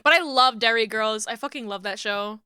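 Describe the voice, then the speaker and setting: A woman's voice: a little high, a little fast, bright, forceful tone, clean tone, no echo, studio quality. A woman streamer chatting casually while she works, laughing often and swearing lightly. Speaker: streamer and 3D rigger. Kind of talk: casual live-stream chat while working.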